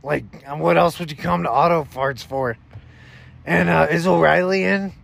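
A man hosting a goofy comedy podcast, excitable and full of slangy banter. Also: fairly high pitch, a little slow, vocal fry. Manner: excitable, says dude and bro a lot. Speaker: host.

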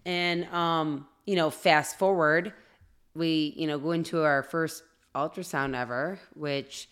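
A woman's voice: low-pitched, slow, clean tone. A woman in her thirties, a podcast co-host, telling a personal faith story in casual conversation and acting out the reactions of people in it. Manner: animated, acts out quoted reactions.

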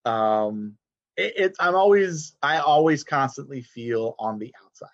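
Animated man in his forties. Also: a little slow, no echo, highs cut off. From South Texas. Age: 40s. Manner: animated, frequent restarts, jumps high when imitating relatives. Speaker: poet guest. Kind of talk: casual conversation.

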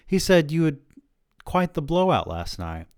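A man reading aloud and voicing a brisk middle-aged female literary agent with an arch, dry, teasing manner. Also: fairly high pitch, sing-song, a little mellow, smooth, no room sound, voice pushed up.

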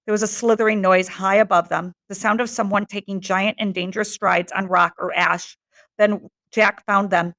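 A woman teacher reading a novel aloud to her class in a steady, measured narration. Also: mid-range voice.

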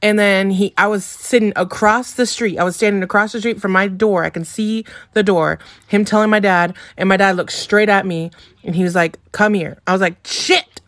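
A woman calling in to a podcast and telling a brisk, chatty story with lots of "like"s. Her voice sits in a middle range and is recorded dry and close. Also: medium pitch, fairly even intonation, fairly bright tone, no echo. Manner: brisk, chatty, with many fillers. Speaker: caller. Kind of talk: casual storytelling.

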